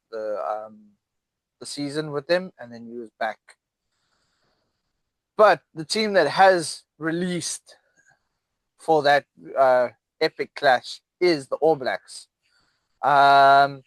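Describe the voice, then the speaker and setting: A man's voice: medium pitch, smooth, no echo, low-quality recording. A man hosting a casual rugby podcast, rambling with lots of fillers and restarts. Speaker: podcast host. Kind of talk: casual sports podcast chat.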